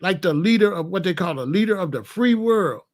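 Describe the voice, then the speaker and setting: A man's voice: high-pitched, animated, brisk. Guy ranting bluntly at his viewers, casual commentary. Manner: blunt, emphatic, talks straight to viewers.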